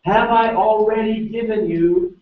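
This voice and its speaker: A man's voice: high-pitched, unhurried, a little hiss or hum. A man presenting a live seminar, energetically quizzing his audience and urging them on. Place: large seminar hall. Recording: echoey room, distant lo-fi mic.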